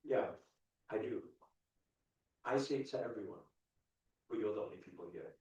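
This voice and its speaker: A man giving an animated, repetitive motivational talk to a live audience, chuckling often. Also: lowish voice, normal speed. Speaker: spiritual coach. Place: large event ballroom. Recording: echoey dull hall sound from far off.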